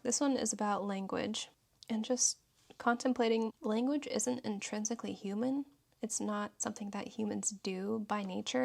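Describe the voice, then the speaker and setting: A woman with a gravelly, creaky edge to her voice flips through her journal. She talks about each page in a relaxed, thoughtful way and stops now and then to read a quote aloud. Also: mid-range voice. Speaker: journaling YouTuber. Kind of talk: casual journal flip-through narration.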